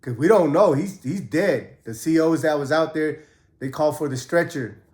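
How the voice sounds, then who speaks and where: Casual and foul-mouthed, this man recounts tales from prison, his voice on the high side, a little mellow, at a moderate pace. Quoted lines come out louder as he performs them, and the room echoes noticeably.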